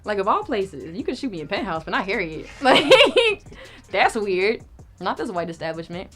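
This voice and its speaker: A young woman telling a story in casual chat, animated and profane, acting out what people said. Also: medium pitch, normal speed, soft background music. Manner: animated, profane, acts out quoted lines. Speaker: storyteller guest.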